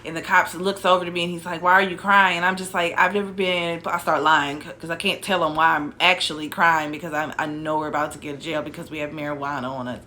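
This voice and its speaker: A woman's voice: deep voice, flat delivery, quick pace, hardly any pauses, pushed and bright, slight background noise. A young woman casually telling a personal story, rambling with restarts and asides.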